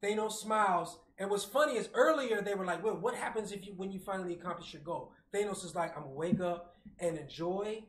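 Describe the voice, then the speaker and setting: A man co-hosting a casual show, recapping a movie with animated storytelling, acting out the characters and swearing freely. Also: high-pitched, fairly quick. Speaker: podcast co-host. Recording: echoey room with faint hum.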